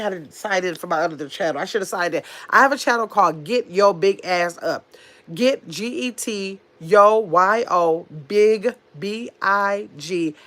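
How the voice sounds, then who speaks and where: Fast-talking nasal woman in her fifties. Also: medium pitch, fairly bright tone. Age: 50s. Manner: talks very fast, blunt and chatty. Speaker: livestream host. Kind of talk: casual livestream chat reading comments.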